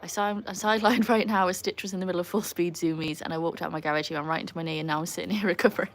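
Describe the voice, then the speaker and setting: A woman's voice: lowish voice, steady tone, very fast. A young woman from England and Wales chatting casually with viewers on a live stream from beside a home pool. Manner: chatty, answers viewers, cheers loud woohoos at the dog. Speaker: livestream host with her dogs. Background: pool pump and faint outdoor ambience.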